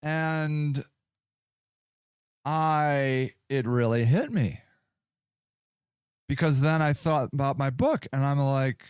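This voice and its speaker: A man's voice: fairly high pitch, slow, pauses often, darkish tone, clean tone, dry recording, clean studio sound. A man ranting in a casual, angry and sarcastic way, swearing often as he tells a story. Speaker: podcast host. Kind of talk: casual rant.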